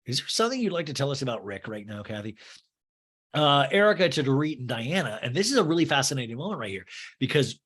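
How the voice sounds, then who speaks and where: A man's voice: mid-range voice, very animated, fast, a bit bright, husky. A man hosting a podcast and recapping a reality TV episode with sarcastic, exasperated commentary. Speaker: podcast host. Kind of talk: comedic TV recap.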